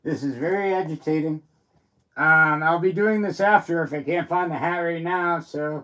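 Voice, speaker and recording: A man's voice: on the high side, normal speed, fairly bright tone. Grumbling, rambling male livestreamer. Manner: rambling, grumbling, mild cursing. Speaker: livestream host. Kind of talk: casual livestream chat.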